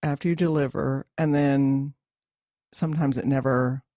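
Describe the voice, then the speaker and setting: A middle-aged woman co-hosting a casual podcast, explaining hormone changes in a measured way with some fillers. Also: rumbling low, steady tone, mellow, dry recording, clean studio sound. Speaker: podcast co-host, hormone expert. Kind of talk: casual chat.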